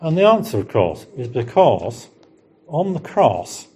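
A middle-aged man preaching a sermon, leaning on rhetorical questions and slowing down to stress key words. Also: medium pitch, big pitch swings, darkish tone, breathy edge. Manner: rhetorical questions, emphatic rises and slowed stresses.

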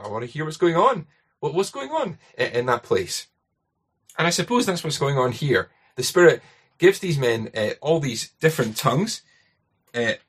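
A man's voice: mid-range voice, a bit bright, breathy edge. A man with a Scottish accent preaching a sermon in a conversational way, often tagging his points with rhetorical questions.

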